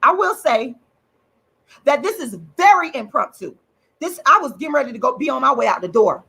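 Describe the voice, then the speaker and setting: An enraged woman rants on her livestream, swearing and repeating her points. Her voice is high and swoops widely, with a gravelly edge and a bright, forceful tone. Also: sing-song, normal speed. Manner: furious, profane, repeats points for emphasis. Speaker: channel host and activist. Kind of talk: angry livestream rant.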